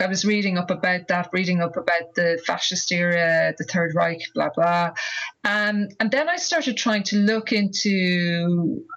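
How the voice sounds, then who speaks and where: A woman's voice: lowish voice, a bit bright. An Irish woman in her fifties, an author being interviewed, talking thoughtfully and rambling with many restarts. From Ireland. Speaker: author guest. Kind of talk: casual interview conversation. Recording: dull lo-fi audio.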